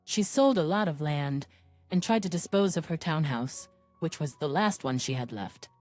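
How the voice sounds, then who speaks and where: A woman narrating a first-person story in an even, measured scripted reading. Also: low voice, no echo, faint music behind.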